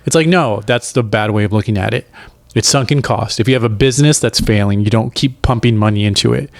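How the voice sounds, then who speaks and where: A man's voice: fairly low pitch, creaky, no echo. A man on a podcast, arguing his points bluntly in casual chat, with plenty of swearing. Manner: argumentative, quick and blunt with profanity. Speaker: podcast co-host.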